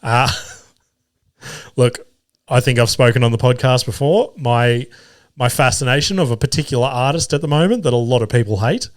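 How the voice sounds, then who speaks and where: Male comic-host, mid-pitched, sweary and self-amused storytelling, dry close mic. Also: moderate pace, pauses often, no echo. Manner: swears freely, laughs at his own stories. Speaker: comedian and podcast host. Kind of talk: casual solo podcast storytelling.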